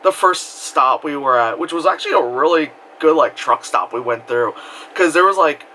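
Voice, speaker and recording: A young man telling a story in casual vlog style, rambling with lots of fillers and breaking into loud screams and laughter. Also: on the high side, expressive, normal speed, a little hiss or hum, low-quality recording. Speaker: vlogger.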